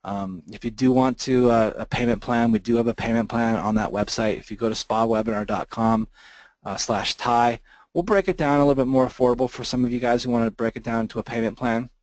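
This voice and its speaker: A man presenting a webinar, making an emotional sales pitch and choking up as he talks. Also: a little fast, darkish tone, no room sound, dull audio. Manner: earnest, gets choked up telling a story. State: emotional, near tears.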